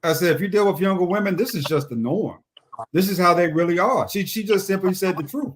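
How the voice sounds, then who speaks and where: Opinionated man, high voice, faint background hiss, rambling casual talk. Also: fairly quick. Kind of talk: casual chat.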